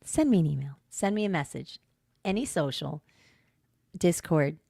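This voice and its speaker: A woman in her fifties co-hosting a podcast in casual chat, animated and swearing freely. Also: low-pitched, normal speed, vocal fry, slightly rough, dry recording, studio quality. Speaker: podcast co-host.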